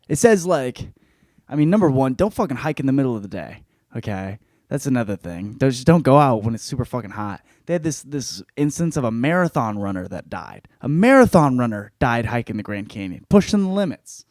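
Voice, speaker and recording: A man's voice: big pitch swings, brisk, dry recording. Swearing jokey guy doing a book report, mid voice, dead dry sound. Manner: profane, jokey, lots of swearing and laughing; jumps into loud high-pitched bits for effect. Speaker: podcast host. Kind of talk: casual book report monologue.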